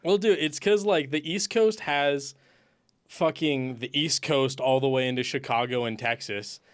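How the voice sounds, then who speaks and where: A man's voice: medium pitch, measured pace. A man from the US Pacific Northwest hosting a casual comedy podcast, swearing and teasing his guests. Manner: profane, joking, teasing. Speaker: podcast host.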